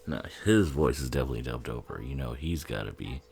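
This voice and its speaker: A man's voice: rumbling low, animated, fast talker, vocal fry, a little mellow. A man giving casual, profane, sarcastic commentary on a film, often laughing as he talks.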